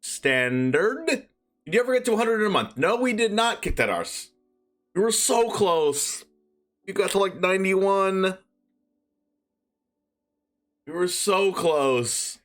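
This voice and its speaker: A man streaming a card game, giving excited gameplay commentary with shouted reactions. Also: high voice, slow pace, pauses often, soft background music.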